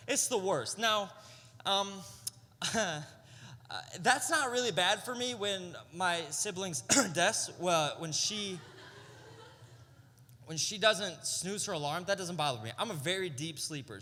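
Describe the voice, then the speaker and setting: A man's voice: high-pitched, bright, forceful tone. A young adult man, a youth pastor, giving a casual, story-driven sermon full of slang and rhetorical "right?" questions. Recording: long hall reverb.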